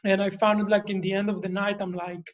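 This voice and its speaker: A man's voice: sits high, flat delivery, fast talker, muffled recording. A man sharing his experience with a workshop group, hesitant and full of fillers. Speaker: workshop participant. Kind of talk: casual chat.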